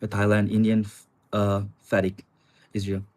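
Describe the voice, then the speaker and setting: A young man from China hosts a casual live stream in his small studio apartment, which looks out on a river. His lowish, darkish voice is delivered completely flat at normal speed, though he stays chatty, calling viewers "guys" and answering their comments.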